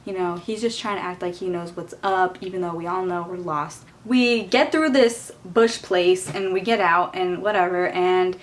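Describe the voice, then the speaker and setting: A woman's voice: fairly low pitch, moderate pace, few pauses. A young woman vlogger telling a storytime in a casual, exasperated way, filling her talk with "like" and "you know.". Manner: casual, exasperated, heavy use of "like". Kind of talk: storytime vlog.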